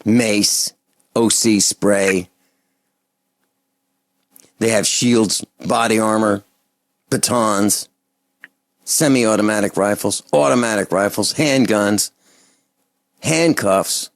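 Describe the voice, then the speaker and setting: A man hosting a call-in radio talk show, delivering an impassioned, indignant rant that swings between loud outbursts and low muttering. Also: takes it slowly, creaky, long pauses, no room sound.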